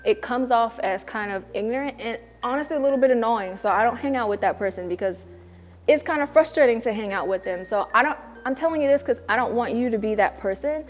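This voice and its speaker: Young American woman, casual vlogger, higher voice, slangy chat, faint music underneath. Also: fast talker. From United States. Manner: chatty and slangy, acts out quoted people mockingly. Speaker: vlogger living in Korea. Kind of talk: casual vlog talk to camera.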